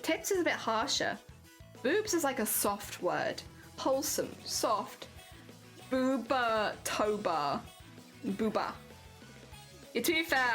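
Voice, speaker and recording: British woman, high-pitched, giggly, casual live-stream chat, soft music behind. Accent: British English. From Britain. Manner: chatty, giggly, playful, reads chat aloud.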